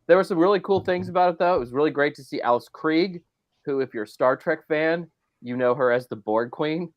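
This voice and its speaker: A man's voice: a little high, a little fast, highs cut off. A man co-hosting a casual film discussion podcast, talking in a wry, critical, conversational way. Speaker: podcast co-host.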